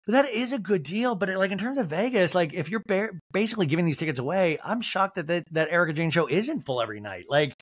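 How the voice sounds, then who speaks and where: A man's voice: high voice, expressive, fast talker, few pauses, breathy edge, dry recording, clean studio sound. A man hosting a podcast, giving a rambling, comedic recap of a reality show with lots of fillers like "like". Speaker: podcast host.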